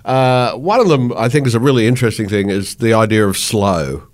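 A man hosting an interview, asking relaxed questions and giving frequent short agreements. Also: medium pitch, brisk. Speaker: interviewer host. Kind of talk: casual interview.

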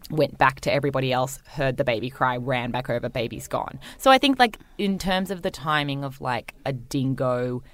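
Australian woman, low register, relaxed podcast co-host who tells a yarn and swears. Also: moderate pace, hardly any pauses, no room sound. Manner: loose storyteller, swears freely. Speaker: podcast co-host and style editor. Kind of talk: casual chat. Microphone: studio microphone.

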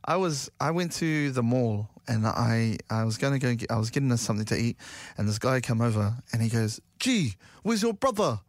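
A young man with a New Zealand accent hosting a casual morning radio show, joking and swearing, with loud hyped-up openings. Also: medium pitch, a little fast, dry recording. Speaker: radio host.

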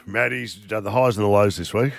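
A man's voice: fairly low pitch, fairly even intonation, brisk, vocal fry, dry recording. An Australian man co-hosting a radio show, joking and mock-defensive in casual banter. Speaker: radio co-host.

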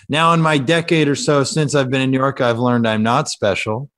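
A man's voice: mid-range voice, fairly even intonation, normal speed, fairly bright tone. A man in his thirties from Kansas chats as a podcast guest in a mid-range voice. He talks in a loose, self-deprecating way, dropping dry jokes between ums and uhs. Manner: self-deprecating, dry joking with hesitant fillers. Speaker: comedian guest. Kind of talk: casual podcast chat.

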